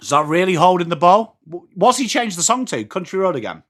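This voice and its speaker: An English man hosts a live football watchalong with a high voice that sits well above the usual. His tone is bright and forceful. He talks excitably, switching quickly between calling the action and answering his chat. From England. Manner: excitable, chatty, jumps between play calls and chat replies. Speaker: watchalong host. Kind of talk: live sports watchalong, chatting with viewers.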